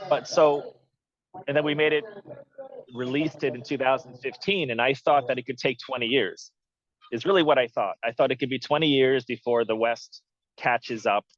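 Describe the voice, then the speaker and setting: Man, mid-pitched voice, candid, dry humor, interview answers, muffled recording. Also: moderate pace, dry recording. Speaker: film producer. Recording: dull, muffled audio.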